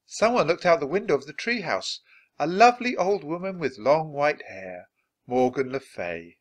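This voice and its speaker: A man's voice: fairly high pitch, moderate pace. A man reading a children's book aloud, narrating expressively. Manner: expressive, lively. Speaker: storybook reader.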